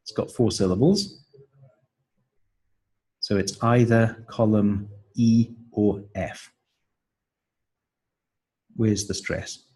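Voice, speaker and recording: In an instructional walkthrough of a training manual, a man in the role of teacher trainer explains things slowly, step by step, with many ums and uhs. His voice runs low and steady, dark and slightly rough, and the audio is poor.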